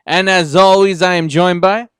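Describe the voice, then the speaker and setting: A man's voice: sits high, fairly even intonation, moderate pace, a bit bright, smooth, no echo, studio quality. A man hosting a live podcast in casual chat, joking and rambling, from Southern California. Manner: joking, rambling, laughs often. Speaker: podcast host.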